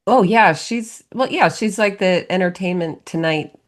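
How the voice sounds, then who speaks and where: A woman with a notably low voice chats as a podcast co-host. She is relaxed and wry, and trades easy agreement with her partner. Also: a little slow. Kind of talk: casual chat.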